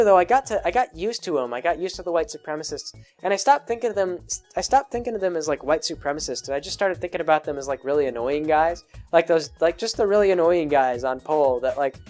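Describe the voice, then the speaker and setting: Medium in pitch and a little mellow, this voice belongs to a video creator loosely answering patrons' questions. The talk wanders, full of fillers and false starts, and whenever someone is quoted, the speaker acts them out in a raised voice.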